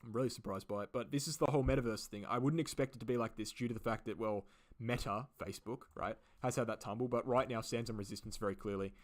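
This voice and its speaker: A man's voice: mid-range voice, quick pace. An Australian man hosting a live stream, answering viewer questions in a rambling way, full of fillers and repeated phrases. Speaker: crypto channel host.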